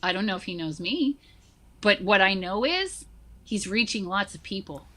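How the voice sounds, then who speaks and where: A woman in her forties speaks as a guest in a relaxed conversation. Her voice is bright and forward. She tells her stories in an animated way, full of "like" and "you know.". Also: mid-range voice, moderate pace. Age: 40s. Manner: animated storyteller, many fillers like "like" and "you know". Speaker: guest, social emotional learning teacher. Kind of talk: casual conversation.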